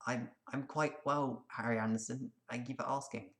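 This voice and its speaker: A man's voice: medium pitch, steady tone, normal speed, fairly bright tone, close to an everyday voice. A man doing a timid, stammering troll boy. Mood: nervous. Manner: hesitant, stammering, polite. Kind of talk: amateur audio drama acting.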